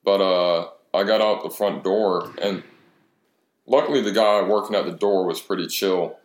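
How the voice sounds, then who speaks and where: A man's voice: sits low, fairly even intonation, normal speed. A man in his twenties telling a profane, rambling bar story in casual chat, acting out the other people's lines as he goes. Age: 20s. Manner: profane, storytelling with quoted dialogue. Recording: echoey room.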